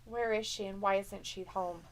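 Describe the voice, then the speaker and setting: A woman's voice: medium pitch, fairly even intonation, moderate pace. A woman co-hosting a live stream, chatting casually and reading viewer messages aloud in a teasing, jokey way.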